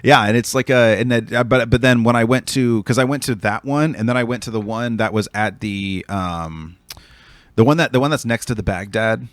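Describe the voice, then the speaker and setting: A man's voice: medium pitch, normal speed, dry recording. A man on a podcast, a stand-up comic telling loose, profane stories in casual chat. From Oregon. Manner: rambling storyteller, loose and profane. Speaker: stand-up comedian guest. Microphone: studio mic with headphones.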